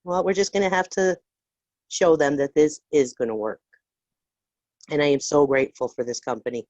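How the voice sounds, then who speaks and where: A deep-voiced older woman, a grandmother, talks at normal speed with fairly even intonation and a slightly mellow tone. She's a caller in a casual group call, speaking in a heartfelt, earnest way over dull lo-fi call audio that sounds dry.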